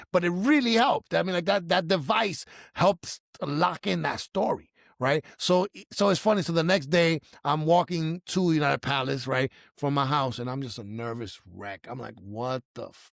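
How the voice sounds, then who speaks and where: Middle-aged man, raised voice, gravelly, casual storytelling, dry close sound. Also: on the high side, no echo. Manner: animated, acts out his own past panic in quotes. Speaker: storyteller guest.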